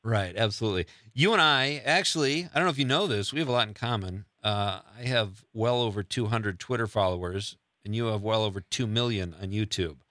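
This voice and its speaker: A man's voice: on the low side, a little fast, hardly any pauses, sharp tone, no echo, clean studio sound. A man hosting an interview show, jokey and enthusiastic, laughing often as he asks questions. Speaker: podcast host. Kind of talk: casual interview chat.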